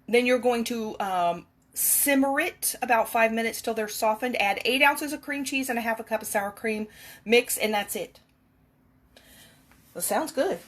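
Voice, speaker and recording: A woman's voice: a little high, measured pace, fairly bright tone. Chatty woman cooking at home. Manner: chatty, rambling with restarts. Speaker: home cook. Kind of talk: casual kitchen chat. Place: home kitchen. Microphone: phone.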